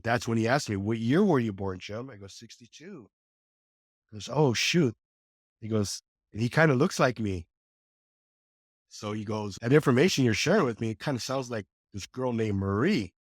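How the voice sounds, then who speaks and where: A man in his sixties from California, a podcast guest telling his life story in a casual, animated way and acting out the quoted dialogue. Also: no room sound, studio quality. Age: 60s. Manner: animated, acts out quoted dialogue with lively pitch jumps. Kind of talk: conversational storytelling.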